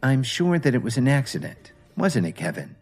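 A polite, gentle young wife speaking softly and a bit hurriedly, as a male narrator puts her on. The voice is lifted and husky, with a lively pitch. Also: normal speed, soft background music. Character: young wife, polite and busy office worker.

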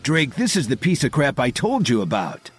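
A man voicing a boastful, spiteful young adult man with an eager, scheming delivery and a husky voice. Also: medium pitch, wildly swooping pitch, moderate pace, soft background music, voice pushed up.

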